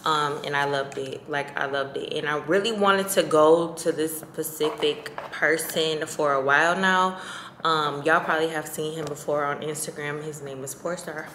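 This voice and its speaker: A woman's voice: low-pitched, fairly even intonation, normal speed, fairly bright tone. Chatty slangy woman vlogging at home. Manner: chatty, slangy and swears freely. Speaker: lifestyle vlogger. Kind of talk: casual chatty vlog talk. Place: her bedroom at home. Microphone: handheld phone camera. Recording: echoey room with faint background noise.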